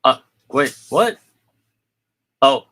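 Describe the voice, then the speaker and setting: In a mid-range voice with drawn-out words, a man chats casually, teasing, joking and poking fun at himself. He often acts out what people said, quoting them in animated voices.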